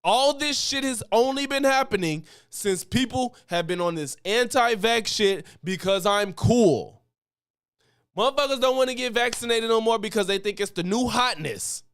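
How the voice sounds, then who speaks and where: A man streams commentary on news clips in a high, clear voice. He rants in a profane, animated way and laughs between points. The sound is close and dry. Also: normal speed, no room sound.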